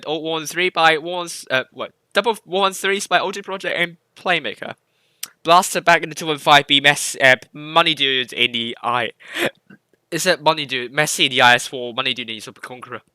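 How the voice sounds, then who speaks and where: Male esports caster, very bright voice, dead dry close mic, loose rambling play-by-play. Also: mid-range voice, clear, resonant tone, no echo. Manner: rambling, self-correcting play-by-play with hiccups. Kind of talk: live game commentary.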